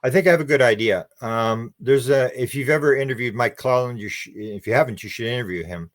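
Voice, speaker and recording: A Canadian man with a Canadian accent, a researcher answering interview questions and telling a story, acting out the quoted dialogue with lively shifts in voice. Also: mid-range voice, brisk. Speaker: guest, UFO researcher.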